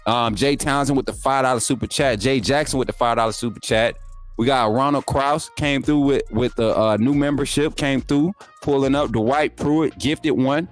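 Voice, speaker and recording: A young man, hosting a sports livestream, reading super chats and teasing viewers in energetic, laughing banter. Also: medium pitch, normal speed, faint music behind. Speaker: YouTube sports show host.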